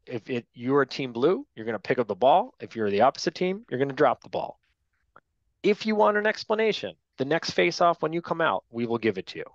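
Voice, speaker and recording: A man's voice: mid-range voice, no echo. A man teaching a training class for new sports officials, direct and to the point, often tagging his points with "right?". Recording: dull lo-fi dry sound.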